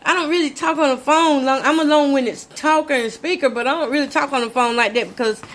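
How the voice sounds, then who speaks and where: High-voiced and quick, an older woman hosts a casual vlog, cooking while she tells a story. She's chatty and emphatic, calling her listeners "y'all."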